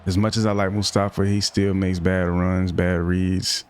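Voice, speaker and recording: Young male gaming streamer, slightly low voice, casual slang-heavy play-by-play with frustrated outbursts. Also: little pitch movement, moderate pace, darkish tone. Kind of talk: live gameplay commentary.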